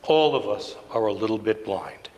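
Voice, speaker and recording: A man's voice: lowish voice, normal speed, a little mellow. A male priest giving a sermon in a conversational, storytelling way, sometimes dropping to a near whisper. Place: church sanctuary. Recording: long church reverb.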